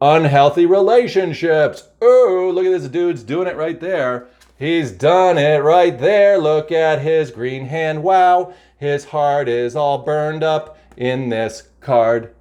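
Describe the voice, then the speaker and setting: A man's voice: a little high, slow, darkish tone. A man giving a casual, enthusiastic spiritual oracle card reading to a camera, often exclaiming and repeating phrases. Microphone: camera mic.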